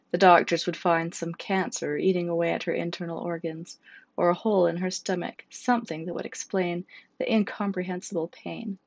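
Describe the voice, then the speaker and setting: A woman narrates a story in a steady, measured reading voice. Her voice sits low with a gravelly fry. The recording is dry and somewhat dull. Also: no room sound. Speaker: audiobook narrator. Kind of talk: scripted narration.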